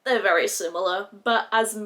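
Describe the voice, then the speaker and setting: A woman's voice: medium pitch, moderate pace, a bit bright. A woman beauty vlogger chatting casually and gushingly about makeup, with lots of "like". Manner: gushing, chatty, heavy use of "like". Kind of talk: casual makeup review chat.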